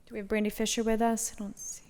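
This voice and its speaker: A woman chairing a council meeting, briskly calling up the next speakers. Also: fairly high pitch, little pitch movement, a little mellow. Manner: brisk, businesslike. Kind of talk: procedural meeting announcements. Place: city council chamber.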